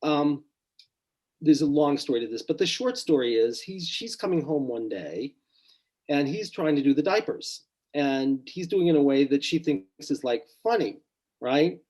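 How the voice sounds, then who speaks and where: A middle-aged man, a psychotherapist, relaxed and storytelling in a podcast interview, quietly acting out his clients' words. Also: a little high, moderate pace, low-quality recording. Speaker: psychotherapist guest.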